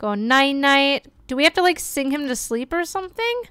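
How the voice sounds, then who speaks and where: A young woman streaming a life-simulation game, chatting excitedly and gushing over the characters as she plays. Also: very high-pitched, fast, no room sound. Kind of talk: life-sim gameplay commentary.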